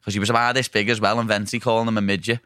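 A young man hosting a podcast, telling stories in a laddish, swearing, animated way. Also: lowish voice, racing, no echo, clean studio sound. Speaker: podcast host, fighter. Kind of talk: casual chat.

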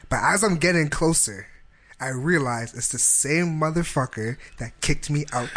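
A young man from Canada telling a profane, animated story in casual chat, acting out the dialogue. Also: mid-range voice, unhurried.

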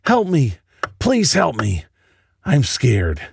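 A man's voice: mid-range voice, wildly swooping pitch, takes it slowly, creaky, slightly rough, no room sound, clean studio sound, voice pushed up, heavily acted. A man voicing an unseen creature that imitates a scared little girl, pleading and stammering. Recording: noisy home recording.

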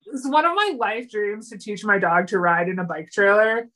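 A woman co-hosting a podcast, retelling a TV episode in an animated, chatty way and slipping into the characters' lines. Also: medium pitch, moderate pace. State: yawning, a little tired. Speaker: podcast co-host. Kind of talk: casual chat recapping a TV episode.

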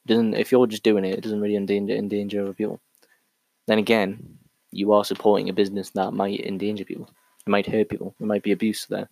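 Low-voiced man rambling, dry sound. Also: level tone, fast, vocal fry, darkish tone, no echo, rough recording. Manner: rambling, thinks aloud with many restarts. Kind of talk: casual solo monologue.

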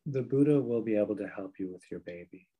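Man as a gentle old village sage, low husky tone, reassuring. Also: lively intonation, brisk, low-quality recording. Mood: kindly. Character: kind elderly wise village man.

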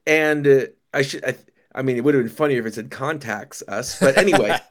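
A man as a podcast guest, talking casually with animated storytelling and stammered restarts. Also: medium pitch, quick pace. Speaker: podcast guest, company founder.

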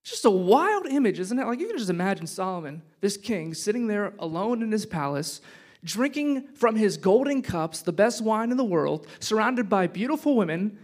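High-voiced man preaching a casual sermon. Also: very animated, moderate pace. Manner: conversational and joking, swinging between loud punchy lines and hushed reflective ones. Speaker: pastor.

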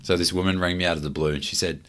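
Man with an extremely deep voice. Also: steady tone, racing, fairly bright tone. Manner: joking, laughs often. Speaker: podcast guest. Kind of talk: casual chat. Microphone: podcast microphone.

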